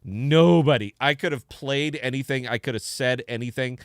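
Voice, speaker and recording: A man casually chatting as host of a stream, laughing often and tagging his lines with "man". His voice is bright and ringing. It sounds dry and close, with no room sound. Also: medium pitch, steady tone, a little fast, smooth, no room sound. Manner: laid-back, laughing, says "man" a lot. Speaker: podcast host. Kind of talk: casual chat.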